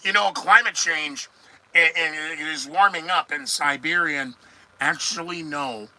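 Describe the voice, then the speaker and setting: Middle-aged male podcast host, sarcastic news commentary, very bright, sharp tone, rambling asides to viewers. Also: mid-range voice, low-quality recording.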